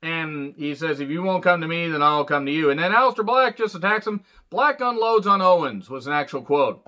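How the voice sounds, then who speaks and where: A man's voice: fairly high pitch, expressive, a little fast, sharp tone. Sarcastic, cursing man ranting. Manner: profane, sarcastic, loose rambling. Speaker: wrestling reviewer. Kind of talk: casual ranting review. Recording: dull lo-fi sound.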